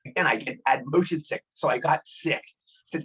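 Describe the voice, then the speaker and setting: A man in his sixties, a guest actor telling rambling, animated anecdotes in a casual interview. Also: mid-range voice, moderate pace, slightly rough, rough recording. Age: 60s.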